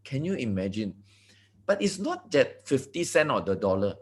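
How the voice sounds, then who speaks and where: A man from Malaysia with a Malaysian English accent, giving an excited motivational talk full of asides and repeated words. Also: medium pitch, normal speed. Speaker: network marketing leader. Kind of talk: motivational talk on a video call.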